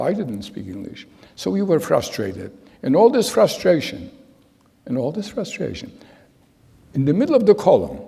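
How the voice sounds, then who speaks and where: Older man with a husky, gravelly voice. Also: fairly high pitch, mellow. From Germany. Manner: storytelling, acts out quoted voices. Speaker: Holocaust survivor speaker. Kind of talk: personal testimony talk. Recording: hall with long reverb.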